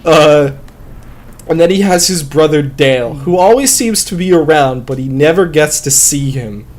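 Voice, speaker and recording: A man's voice: a little high, normal speed. A man chatting casually while playing a game, rambling and swearing with many fillers into a close desk mic. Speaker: gamer and podcast host.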